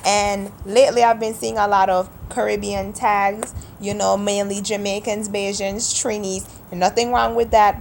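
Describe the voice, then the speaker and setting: A chatty woman with a Kittitian accent talks straight to the camera in a relaxed home vlog. Her voice sits at an ordinary middle pitch. A faint hiss runs behind her. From Saint Kitts. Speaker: vlogger. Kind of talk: casual accent tag vlog.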